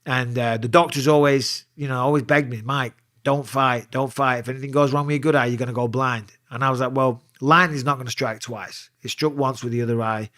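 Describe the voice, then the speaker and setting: Man, guest, casual storytelling, sharp bright voice, swears a lot, acts out voices, dry close sound. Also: mid-range voice, fast talker, hardly any pauses, dry recording. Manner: profane, animated, acts out voices in his stories. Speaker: interview guest.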